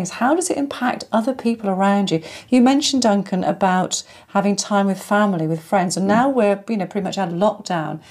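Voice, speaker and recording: A woman's voice: mid-range voice, a little mellow. A woman hosting a podcast, reflecting on what her guest says and linking body and mind. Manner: reflective, draws links to the mind. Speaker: podcast host. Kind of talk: podcast interview.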